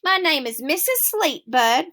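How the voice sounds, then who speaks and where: A woman's voice: high voice, very animated, a little slow, fairly bright tone, exaggerated voice. A woman voicing a motherly woman who fusses over a child and scolds her teasing father. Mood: gentle. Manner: fussing, scolding then coaxing. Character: motherly woman, fussing and caring.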